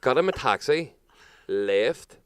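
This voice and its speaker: A man with a Northern Irish accent hosting a talk show, telling a story in an animated, sweary, casual way. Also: medium pitch, slow pace, smooth, dry recording. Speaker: podcast host.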